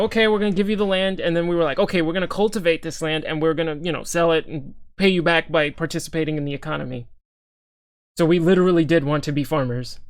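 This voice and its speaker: A man's voice: on the high side, no echo. A young man giving heated reaction commentary on a video, often stammering and repeating words. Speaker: political commentator.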